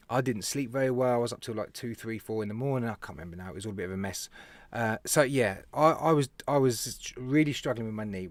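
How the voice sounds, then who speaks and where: A man with a British accent hosting a casual live stream, telling stories in an animated way, laughing and talking to viewers by name. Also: medium pitch, dry recording. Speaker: live show host, vape reviewer.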